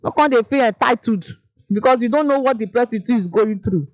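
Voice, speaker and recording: A woman with a Nigerian Pidgin accent hosting a call-in radio show, lively and mixing in Yoruba. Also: fairly high pitch, brisk, no echo, lo-fi sound. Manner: lively, mixes Pidgin and Yoruba, laughs easily. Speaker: radio host.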